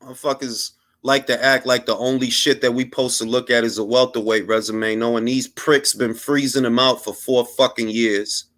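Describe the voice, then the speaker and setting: A man's voice: mid-range voice, fairly even intonation, normal speed, few pauses, fairly bright tone. A man hosting a live boxing talk stream, ranting in a heated, profane, mocking way, with street slang and bits of Spanish. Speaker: boxing livestream host. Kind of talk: casual livestream rant.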